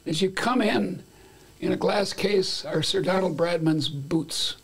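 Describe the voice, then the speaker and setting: A man's voice: high-pitched, unhurried, gravelly, husky. An older man as an interview guest, talking in a rambling, playful way with many restarts. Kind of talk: conversational interview.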